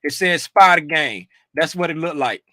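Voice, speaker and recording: A man from Florida hosting a trading livestream, greeting his chat by name in an animated, casual way with bursts of laughter. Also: fairly high pitch, moderate pace, no room sound. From Fort Lauderdale, Florida.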